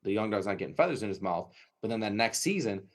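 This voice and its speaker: A man, a dog trainer and breeder, chatting on a podcast in a lively storytelling way, acting out dogs and owners and tagging his points with "right?". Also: on the low side, quick pace. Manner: filler-heavy, frequent "right?" tags. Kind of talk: casual podcast conversation.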